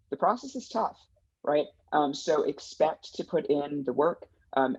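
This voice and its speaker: A man's voice: mid-range voice, a little mellow, husky, no echo. A man who manages a placements team, answering interview questions in an earnest, enthusiastic way with lots of fillers and restarts. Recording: dull dry lo-fi sound.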